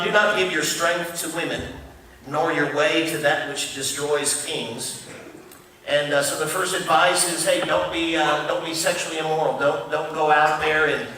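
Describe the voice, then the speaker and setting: A man's voice: fairly high pitch, pushed and bright, slight background noise. Man preaching in an echoey church. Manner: conversational, repeats words often, checks in with "right?". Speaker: pastor. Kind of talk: sermon. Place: church sanctuary. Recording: echoey room, mic from a distance.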